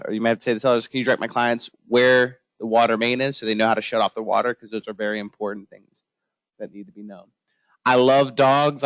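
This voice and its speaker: A man's voice: mid-range voice, no room sound. A man, a home inspector giving an informal training talk to real estate agents, telling funny stories and acting out his own panicked reactions. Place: office training room. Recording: dull lo-fi room recording.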